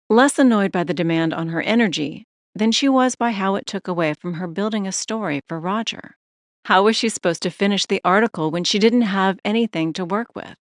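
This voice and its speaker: Woman reading an audiobook, lowish voice, steady, super dry close mic. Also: no echo. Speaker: audiobook narrator. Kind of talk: scripted narration.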